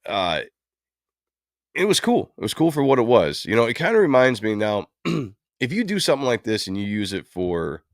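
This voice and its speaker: With a voice that sits low, this man hosts a livestream and rambles casually, filler after filler, through commentary on comic book films. The sound is clean studio quality with no room sound.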